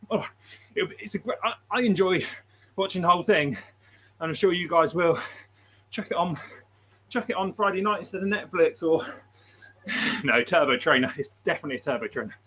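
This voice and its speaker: A man's voice: high voice, measured pace, long pauses, fairly bright tone, husky. A man hosting a livestream, chatting casually, laughing often and reading out viewer messages. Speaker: livestream host.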